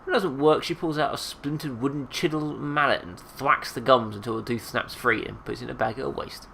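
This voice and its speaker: A man's voice: medium pitch, fairly even intonation, a little fast, gravelly, hardly any pauses, pushed and bright, a little hiss or hum. Stuffy-nosed man reading a game aloud. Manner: reads game text aloud, casual asides. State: stuffed-up nose. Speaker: let's play host. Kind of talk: game narration and commentary.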